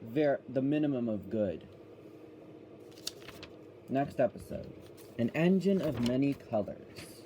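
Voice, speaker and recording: Man, casual reviewer, rambling and self-correcting, very dark mellow voice, faint background hiss. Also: medium pitch, expressive, takes it slowly, long pauses, poor audio.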